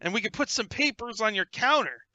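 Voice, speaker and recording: A man voicing a pushy, cigar-chomping male gnome who runs a newspaper, loud and salesy in a tabletop game. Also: high voice, big pitch swings, normal speed, no room sound, voice pushed up, heavily acted.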